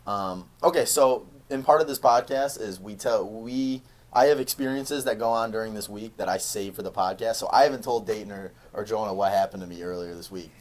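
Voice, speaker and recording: A young man hosting a casual podcast, an animated storyteller who laughs often. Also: fairly low pitch, a little fast. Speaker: podcast host.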